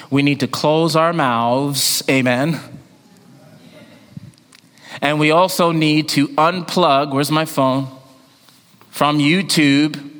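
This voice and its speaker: A man of Jamaican heritage preaching a sermon, swinging from loud rising calls to hushed near-whispers. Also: medium pitch. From Jamaican family. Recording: long hall reverb.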